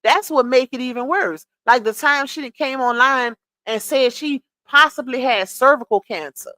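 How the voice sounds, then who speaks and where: High-voiced blunt woman scolding on a livestream. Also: normal speed, pushed and bright, no echo. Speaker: livestream commentator. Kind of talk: casual gossip commentary.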